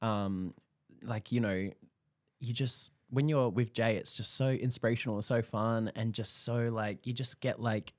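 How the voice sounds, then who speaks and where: Animated young Australian man, dry close sound. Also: mid-range voice, a little slow, dry recording. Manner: animated storytelling, acts out quoted dialogue, laughs often. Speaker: guest photographer. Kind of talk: casual interview chat.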